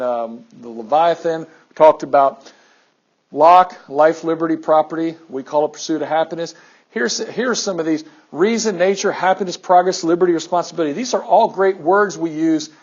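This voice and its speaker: A man teacher giving an animated classroom lecture, firing questions at his students. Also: a little high, muffled recording.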